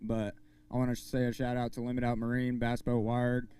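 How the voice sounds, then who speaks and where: A man's voice: medium pitch, clear, resonant tone. A tournament angler, a man, briefly explaining a missed check-in and thanking his sponsors on stage outdoors. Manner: quick, flat-voiced sponsor shout-outs.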